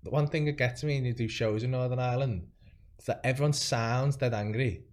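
A man's voice: medium pitch, fairly even intonation, fairly quick. Laid-back Scouse man. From Liverpool, England. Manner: laid-back, swears casually. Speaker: podcast host. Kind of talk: casual chat.

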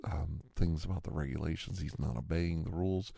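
Low gravelly middle-aged man, indignant. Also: fairly even intonation, fairly quick, warm tone. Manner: indignant, rambling, with restarts. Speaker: storyteller in a role-play. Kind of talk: casual storytelling.

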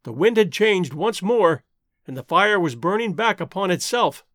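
Guy narrating an adventure audiobook, high voice, really animated. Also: moderate pace, dry recording.

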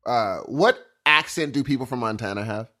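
A man with a mid-range voice co-hosts a podcast, telling stories in casual chat at normal speed. He's an animated storyteller who keeps jumping into silly voices.

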